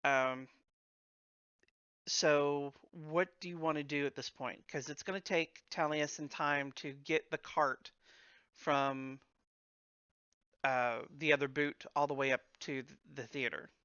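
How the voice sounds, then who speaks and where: A man narrating as game master of a tabletop game, unhurried and full of fillers and restarts. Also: fairly high pitch, fairly even intonation, bright, forceful tone, clean tone, no room sound, muffled recording.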